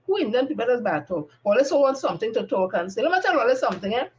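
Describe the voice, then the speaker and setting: A woman's voice: fairly high pitch, sing-song, very fast, darkish tone, lo-fi sound. A woman with a Trinidadian accent, giving a blunt, combative live-stream monologue and repeating her points for emphasis. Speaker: political commentator on a live stream.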